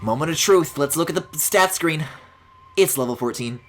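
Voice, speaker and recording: Woman gaming streamer, casual commentary, swearing, very animated voice, lowish pitch. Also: normal speed, soft background music. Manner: swinging from loud squealing outbursts to low mutters, swears often.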